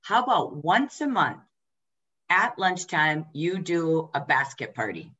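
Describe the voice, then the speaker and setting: A woman trainer giving a direct, emphatic coaching talk to team leaders, firing off quick rhetorical questions. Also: on the low side, sing-song, sharp tone, highs cut off.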